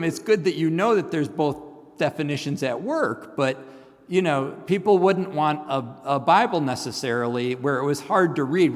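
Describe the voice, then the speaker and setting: A middle-aged man, a seminary professor, giving a church lecture, explaining word meanings and reading scripture aloud with frequent ums. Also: a little high. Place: church hall. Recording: long reverb of a large hall.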